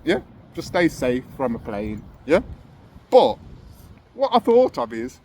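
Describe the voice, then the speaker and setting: A young man with a fairly high voice delivers a casual, impassioned monologue to his viewers. He keeps asking rhetorical questions. Faint background noise sits under his voice. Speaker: host of commentary channel.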